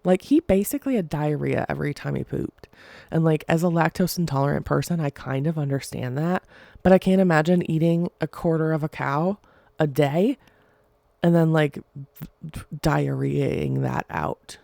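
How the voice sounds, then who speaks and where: A young woman rambles through a casual solo podcast, chatty and giggly. Her voice sits low with a gravelly fry and a mellow, dark tone. The sound is dry and close. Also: normal speed, no room sound. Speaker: podcast host.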